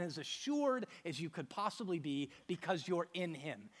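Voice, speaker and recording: Pastor, male, high voice, emphatic preaching with repetition, big reverberant hall. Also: lively intonation, normal speed, hardly any pauses. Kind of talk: sermon. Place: church hall with a stage.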